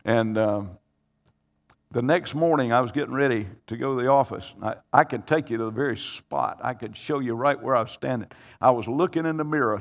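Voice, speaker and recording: A pastor telling a personal story in a sermon, earnest and halting, with frequent restarts that build to emotional pleading. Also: male voice, mid-range voice, in a large hall. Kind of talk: sermon testimony.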